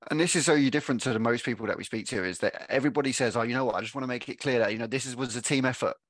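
A man co-hosting a podcast, asking guests questions in a quick, loose and friendly manner. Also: medium pitch, fairly bright tone, no room sound, studio quality. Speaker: podcast co-host. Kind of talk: casual podcast chat.

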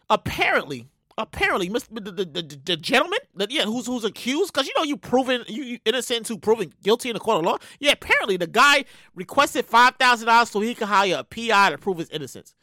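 A high, bright-voiced woman speaking hosts a casual news talk show, her pitch swinging widely as she vents. She talks in a loud, animated way and repeats her phrases for effect. The sound is dry and close, with no room around her. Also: quick pace, no room sound. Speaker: podcast host.

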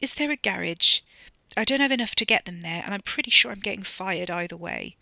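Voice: medium pitch, lively intonation, brisk, gravelly, sharp tone, dry recording, full character voice. The author reading a novella aloud, voicing a nervous, apologetic young male chauffeur who sounds close to tears. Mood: distressed.

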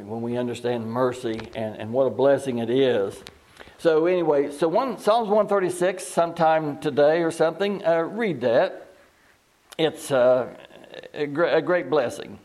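A man's voice: medium pitch, a little mellow. Folksy man teaching scripture. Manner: folksy, plain-spoken and halting; reads scripture slowly. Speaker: Bible teacher. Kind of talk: Bible study talk.

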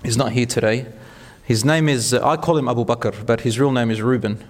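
A man's voice: mid-range voice, fairly even intonation, a little fast, big-room sound. A man giving an earnest, encouraging religious talk, telling stories to an audience. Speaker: speaker at a talk.

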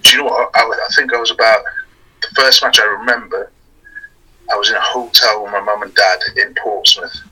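A young man from Wales, a wrestler and strongman guest, chatting casually with a relaxed, laughing manner and many fillers. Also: lowish voice, a little fast, breathy edge, low-quality recording. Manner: laid-back, laughs often, hesitant fillers. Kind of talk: casual chat.

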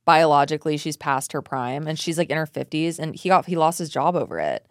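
A woman's voice: low voice, animated, fairly quick, no echo, studio quality. Chatty, giggly Californian woman. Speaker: podcast co-host. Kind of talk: casual chat. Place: small studio.

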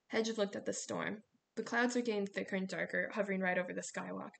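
A woman narrating a novel as an audiobook in a steady storytelling manner. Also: mid-range voice, quick pace, vocal fry.

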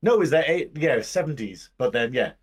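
A man's voice: medium pitch, very animated, fairly quick, husky. A man, a podcast guest chatting casually, joking and drifting into silly tangents.

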